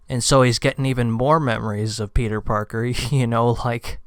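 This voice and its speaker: A man's voice: medium pitch, steady tone, normal speed, smooth, no echo, studio quality. A man hosting a comic explainer video, talking in an easygoing, chatty way. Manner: easygoing, chatty, uses fillers like "you know". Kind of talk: casual commentary.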